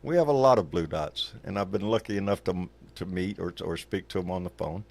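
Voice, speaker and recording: A man's voice: low voice, fairly quick, gravelly, darkish tone. An older man hosting a casual livestream chat, rambling and folksy, swearing casually. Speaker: show host.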